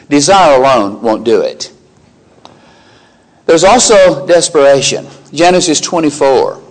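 A man preaching a sermon, emphatic and animated, acting out biblical characters' lines in quoted dialogue. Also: on the high side.

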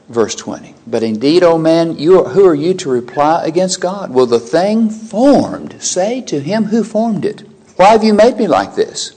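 A man preaching a sermon, reading scripture aloud and shifting between loud emphatic declaiming and quiet low asides.

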